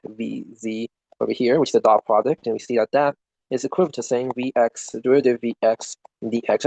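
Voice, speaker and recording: A man's voice: mid-range voice, darkish tone, no room sound. Young man, rambling student self-study walkthrough, swears at his gear, muffled dry mic. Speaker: student reviewing for an exam. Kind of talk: casual screen-recorded study walkthrough.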